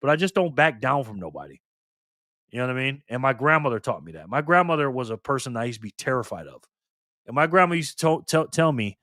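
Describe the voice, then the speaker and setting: Lively, casual man hosting a live stream. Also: medium pitch, quick pace, no echo, studio quality. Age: 50s. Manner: loose, streetwise talk with frequent "bro" and "man". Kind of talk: casual live-stream chat reading comments.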